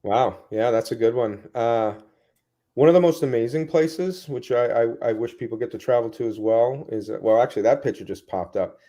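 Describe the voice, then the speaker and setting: A man, a guest in a casual interview, telling rambling, animated stories full of asides. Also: mid-range voice, normal speed, lo-fi sound.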